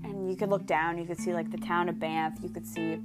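A young woman from Canada gushing about a trip in a casual vlog, her voice sitting on the lower side for a woman. She swears freely and strings every phrase together with "like." Plucked guitar music plays clearly behind her. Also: steady tone, brisk. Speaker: vlogger. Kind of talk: casual chat.

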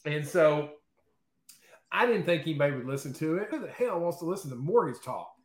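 A man guest in an interview, telling stories in a lively, chatty way and often checking in with "okay?" and "right?". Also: on the high side, fairly quick, echoey room. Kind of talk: casual storytelling in an interview.

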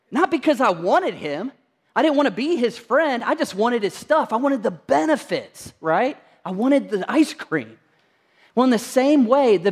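A male pastor in his thirties preaching a sermon, animated and conversational, acting out quotes. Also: sits high.

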